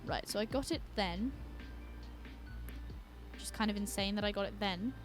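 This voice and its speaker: A woman's voice: mid-range voice, moderate pace, over music. A young British woman chatting casually and rambling as she commentates her own gameplay, with giggles and cut-off swears. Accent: British English. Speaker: gaming YouTuber. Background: her own song playing faintly.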